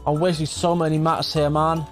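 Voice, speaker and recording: A young man giving live commentary over his own gameplay, swinging from muttering to excited shouts. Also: fairly high pitch, moderate pace, faint music behind. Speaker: gaming streamer.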